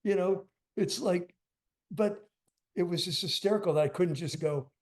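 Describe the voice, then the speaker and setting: Older man, casual interview, rambling, emphatic, filler-heavy, raised pitch. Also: moderate pace, darkish tone. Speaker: guest drummer.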